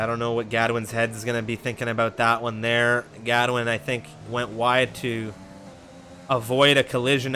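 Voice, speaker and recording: A man commentating a sim-racing league race, building to near-yelling in close battles. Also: mid-range voice, slight background noise. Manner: rises to loud half-yelling in battles. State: catching his breath.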